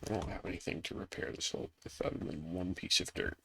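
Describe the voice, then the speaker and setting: A man's voice: low-pitched, steady tone, fast talker, creaky, bright, forceful tone, a little hiss or hum. A congested young man chatting offhand while playing a game, rambling and self-deprecating. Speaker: gaming youtuber. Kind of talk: casual gameplay commentary. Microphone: laptop setup.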